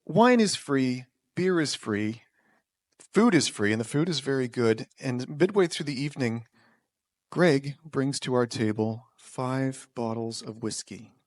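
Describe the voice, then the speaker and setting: A man's voice: medium pitch, lively intonation, unhurried, a little mellow, no room sound, studio quality. A man telling a personal story on stage, wry and self-deprecating, with nervous restarts. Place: small performance venue.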